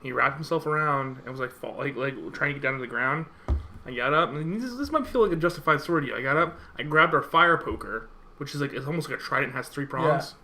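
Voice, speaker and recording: A young man rambling excitedly through an anecdote on a podcast, swearing freely. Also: mid-range voice, fast talker, a little hiss or hum. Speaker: podcast co-host. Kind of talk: casual chat over beers.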